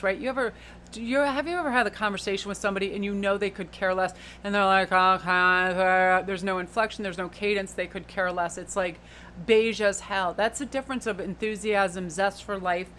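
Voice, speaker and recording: A woman giving a pick-a-card tarot reading in an expressive, flowing, spiritual way. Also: medium pitch, a little hiss or hum. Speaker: tarot reader.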